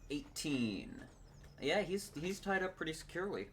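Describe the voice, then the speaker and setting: A man running a tabletop game as dungeon master, relaxed with dry teasing. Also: on the high side, normal speed, a little hiss or hum.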